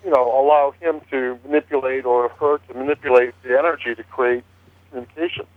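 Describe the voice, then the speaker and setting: A man's voice: mid-range voice, steady tone, fairly quick, no room sound. A man talking about his investigations in a rambling way, with many fillers and restarts. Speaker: paranormal investigator guest. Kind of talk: casual chat on a phone-in talk show. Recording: tinny dry phone line.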